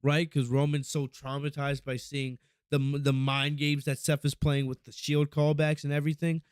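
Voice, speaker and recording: Podcast host, male, fairly high voice, dry close sound; excitable, swears a lot, rambles and restarts. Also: normal speed, clear, resonant tone, dry recording. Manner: excitable, profane, rambling recap with frequent restarts. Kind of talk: casual wrestling review podcast.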